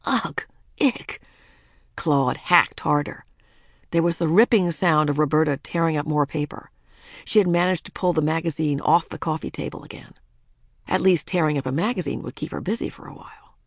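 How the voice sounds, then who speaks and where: A woman narrating a children's storybook in a lively, expressive way. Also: low-pitched, a little fast, no echo, clean studio sound. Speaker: audiobook narrator.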